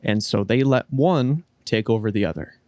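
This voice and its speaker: A man's voice: fairly low pitch, animated, moderate pace, a little mellow, dry recording. Man, podcast co-host, casual rambling talk, restarts a lot, curses, dry close sound.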